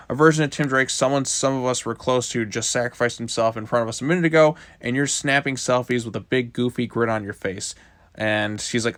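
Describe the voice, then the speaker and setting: A man's voice: mid-range voice, fairly bright tone, dry recording. A man giving a casual video review of a comic book, loosely retelling the plot with lots of "like" fillers.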